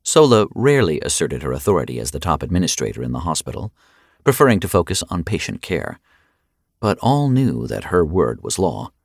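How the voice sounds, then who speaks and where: A man narrating an audiobook in an expressive, wry way. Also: very deep voice, brisk, gravelly, dry recording, studio quality.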